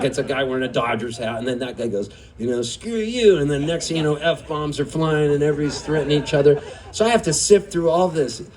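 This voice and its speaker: A man's voice: mid-range voice, a little hiss or hum. A singer-songwriter telling a rambling, chatty story on stage at a live music venue, laughing often as he goes.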